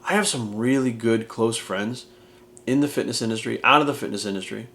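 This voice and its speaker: A man's voice: medium pitch, moderate pace, long pauses, fairly bright tone. A man in his forties, a fitness coach, talking bluntly and emphatically in a candid motivational monologue full of swearing. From United States. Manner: blunt, heavily profane, emphatic.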